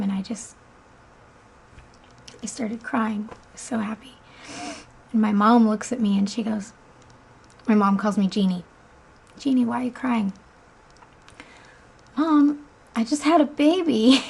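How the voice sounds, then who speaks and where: A woman's voice: mid-range voice, creaky, darkish tone, slightly rough, rough recording. A woman in her twenties casually telling the story of her son's birth, chatty with frequent ums and easy laughter. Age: 20s.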